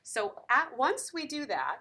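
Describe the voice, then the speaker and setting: A woman's voice: high voice, very animated, measured pace, bright, forceful tone, breathy edge. A woman teaching piano in a lesson video, encouraging and counting beats aloud.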